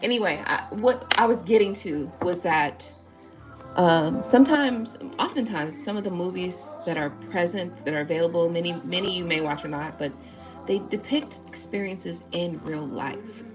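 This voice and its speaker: A woman's voice: on the low side, normal speed, over music. Rambling, swearing woman tarot reader. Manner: rambling, tag questions, frequent swearing. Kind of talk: live-stream chat, reading viewer comments.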